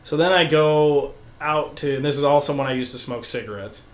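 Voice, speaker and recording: A young man casually telling a story as a podcast guest, excitable and full of restarts, swearing freely. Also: on the high side, a little fast, roomy sound.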